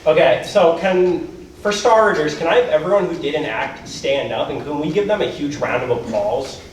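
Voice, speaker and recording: Guy doing rambly self-deprecating standup, voice going hoarse, fairly high pitched, big echoey hall from far away. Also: moderate pace, heavy background noise. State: losing his voice. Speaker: stand-up performer at a school talent show. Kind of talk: stand-up comedy storytelling. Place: school auditorium stage with audience.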